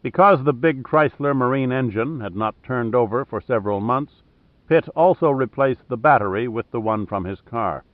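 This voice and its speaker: Male audiobook narrator, steady delivery; thin phone-like, dead-dry sound. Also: mid-range voice, moderate pace, dry recording. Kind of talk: scripted narration.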